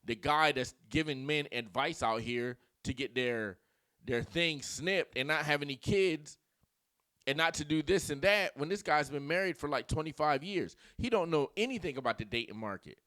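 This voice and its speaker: A man hosting his channel with comedic commentary who is animated and keeps rambling into tangents. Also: on the high side, moderate pace, dry recording, studio quality. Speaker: channel host.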